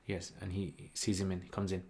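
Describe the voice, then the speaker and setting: A man, hosting a livestream and telling a story in a rambling, lively way with lots of fillers. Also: low voice, brisk. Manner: rambling, animated retelling with many "like" and "you know" fillers. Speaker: channel host.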